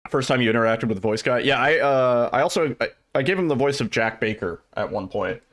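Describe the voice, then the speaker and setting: A man's voice: medium pitch, moderate pace, a bit bright. A man streaming a speedrun, chatting casually and rambling as he answers his chat, with some casual swearing. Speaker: livestreamer and speedrunner.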